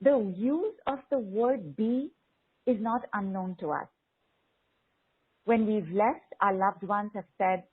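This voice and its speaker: A woman guiding a group call through spoken affirmations, slow and coaxing, repeating phrases and reading out messages. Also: mid-range voice, slightly rough. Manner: slow, repetitive, coaxing, reads out participants' messages. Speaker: spiritual teacher leading a group call. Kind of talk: guided affirmation session. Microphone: online video call. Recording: phone-like online call audio.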